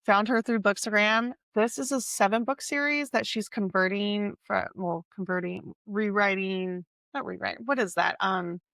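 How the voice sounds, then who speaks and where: A woman's voice: mid-range voice, normal speed, hardly any pauses, fairly bright tone, no echo. A woman co-hosting a podcast, talking casually about books, stopping often to search for the right word. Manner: chatty, searches for words, many fillers. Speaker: podcast co-host. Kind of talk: casual book chat.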